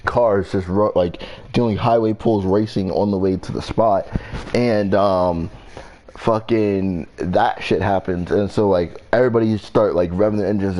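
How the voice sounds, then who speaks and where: A man's voice: lowish voice, warm tone. A young man casually telling a storytime vlog story, rambling and profane with lots of fillers. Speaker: vlogger.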